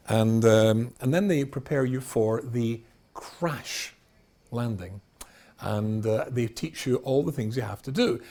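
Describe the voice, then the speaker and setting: A middle-aged rabbi with a mellow, mid-range voice tells humorous stories in a wry, self-mocking manner, frequently laughing at his own jokes.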